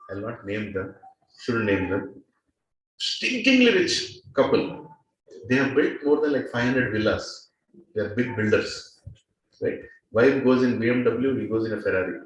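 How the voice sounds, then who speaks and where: A man's voice: medium pitch, a little hiss or hum. A man with an Indian accent teaching a class, asking the audience questions and laughing now and then. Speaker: spiritual teacher. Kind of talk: lecture to a class. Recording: echoey hall from far off.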